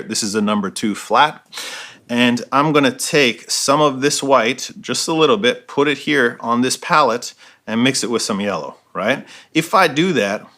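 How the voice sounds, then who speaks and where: A man walks through a painting lesson as he works, describing each brushstroke. His voice is bright and forceful at a middle pitch. He often ends a point with a quick "right?". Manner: explains while painting, checks in with frequent "right?". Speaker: art instructor. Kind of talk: step-by-step painting tutorial.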